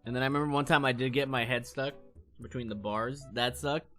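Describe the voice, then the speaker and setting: A man in his late thirties who streams, spinning crude, rambling tales and laughing at his own jokes. His voice sits at an ordinary middle pitch, and faint music hums behind him. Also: fairly even intonation, brisk, fairly bright tone. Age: 30s. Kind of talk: casual storytelling chat.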